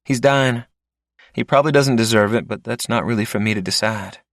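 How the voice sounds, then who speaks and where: A man voicing a soft, soothing young woman. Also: medium pitch, fairly quick, no room sound, clean studio sound, voice pushed up, close to an everyday voice. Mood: guarded. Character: gentle young woman nursing a dying man.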